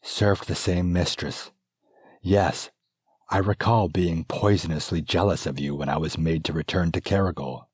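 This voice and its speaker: A man's voice: low voice, fairly even intonation, moderate pace, a little mellow, slightly rough, no echo. A man reading an audiobook, voicing a weary young princess regent who speaks in a subdued, formal way. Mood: composed.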